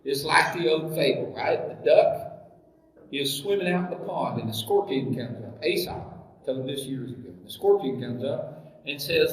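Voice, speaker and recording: A man's voice: on the high side, animated, moderate pace, creaky. A man preaching a sermon as pastor, emphatic, full of rhetorical questions and scripture references, recorded from far off in an echoey hall.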